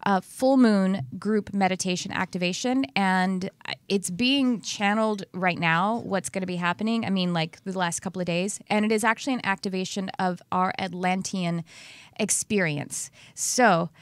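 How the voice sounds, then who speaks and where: A woman's voice: mid-range voice, moderate pace, no echo. A woman with a Texan accent hosting her own show in a casual, chatty way, laughing often and running loose and playful. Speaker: podcast host.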